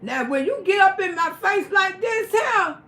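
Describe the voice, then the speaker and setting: Animated, profane storytelling woman. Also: very high voice, a little slow, reverberant. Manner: profane, animated, emphatic retelling. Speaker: livestream host. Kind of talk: casual storytelling to a live audience.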